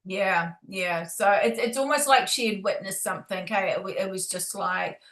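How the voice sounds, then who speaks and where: New woman, casual podcast co-host, halting and filler-heavy, roomy echo. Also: mid-range voice, a bit bright. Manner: halting, full of fillers and restarts. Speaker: paranormal investigator. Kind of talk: casual chat.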